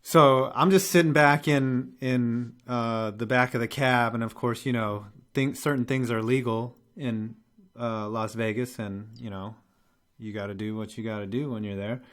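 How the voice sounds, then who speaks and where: A man's voice: mid-range voice, moderate pace. A young man hosting a live show, telling a rambling story in casual, profane chat. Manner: animated, profane, rambling with restarts and laughs.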